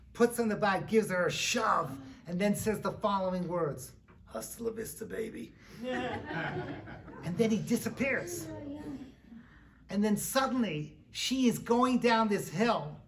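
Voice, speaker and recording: A man giving a humorous sermon as a rabbi, animated and joking with fillers. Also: sits high. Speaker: rabbi lecturer. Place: synagogue lecture.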